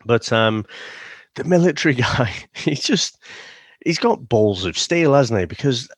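Sing-song and a little slow, this man's mid-range, slightly rough voice is recorded cleanly in a studio with no room sound. Co-hosting a relaxed film review podcast, he meanders through the plot, laughing a lot and slipping into silly voices.

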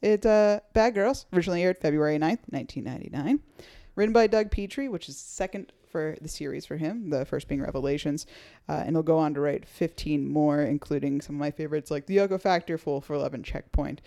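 Chatty, lively woman podcast host. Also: deep voice, a little fast. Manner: lively, chatty, self-mocking. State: highly caffeinated. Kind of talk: casual podcast chat.

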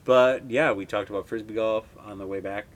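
A Wisconsin man in his twenties hosts a podcast, telling stories in a rambling, laid-back style laced with heavy profanity. His voice is lowish and his pace a little slow, suited to this casual storytelling monologue.

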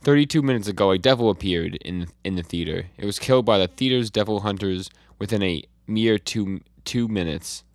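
Podcast co-host, male, very low voice, dead-dry close mic, relaxed recap of comics. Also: a little fast, hardly any pauses, no room sound. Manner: reads out comic dialogue in a flat retelling, with fillers and restarts. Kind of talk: casual chat recapping comics.

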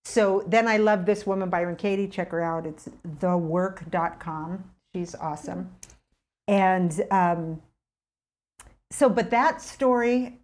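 Animated middle-aged woman telling a story. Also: slow pace. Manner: animated, acts out her own past thoughts with rising pitch. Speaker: guest telling a personal story. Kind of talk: casual storytelling chat.

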